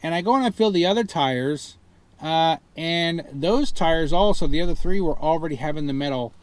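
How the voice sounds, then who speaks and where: A man's clear, resonant and fairly high voice comes through a dry recording at normal speed. In a casual vlog complaining about a car purchase gone wrong, he retells a phone ordeal, increasingly exasperated and indignant. He mimics the people he quotes.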